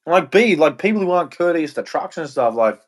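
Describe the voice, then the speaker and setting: A livestream host rants in a casual, rambling monologue, sounding frustrated and heartfelt. His voice is a little high, very animated, and fairly quick.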